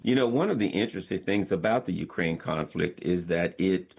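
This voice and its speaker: A man's voice: low-pitched, brisk, gravelly, darkish tone, husky. A middle-aged American man giving opinionated radio commentary, emphatic and sarcastic, full of rhetorical questions. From United States. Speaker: political commentator.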